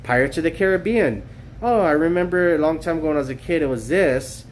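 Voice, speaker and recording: A man's voice: on the high side, lively intonation, quick pace, slight background noise. A man livestreaming from his phone, talking earnestly in a rambling way, with lots of fillers, restarts and repetition. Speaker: streamer. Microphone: cell phone.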